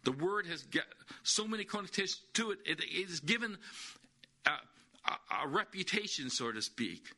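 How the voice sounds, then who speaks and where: A man's voice: high-pitched, animated, moderate pace, bright, forceful tone. A man preaching a sermon, emphatic, repeating key words and asking rhetorical questions.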